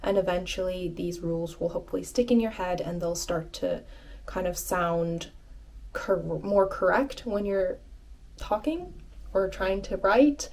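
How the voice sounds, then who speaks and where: A woman giving an online language lesson, patiently repeating phrases slowly and clearly and encouraging her learners. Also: lowish voice, a little mellow. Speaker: language teacher.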